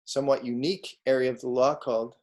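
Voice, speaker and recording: A man's voice: mid-range voice, fairly even intonation, fast talker, darkish tone. Conversational man lecturing over video call. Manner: conversational, asks students frequent questions. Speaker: law lecturer. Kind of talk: online lecture.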